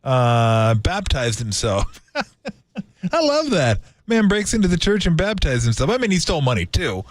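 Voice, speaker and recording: A man's voice: a little high, sing-song, a little hiss or hum. A man hosting a sports radio show, chatting casually and laughing often. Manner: laughs often, drawn-out asides.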